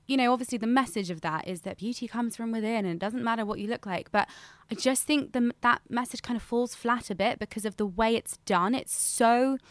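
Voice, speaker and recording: A woman's voice: fairly high pitch, dry recording. A woman co-hosting a podcast, giving an opinionated, chatty film review with frequent fillers and restarts. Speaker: podcast co-host. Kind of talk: casual chat, film review.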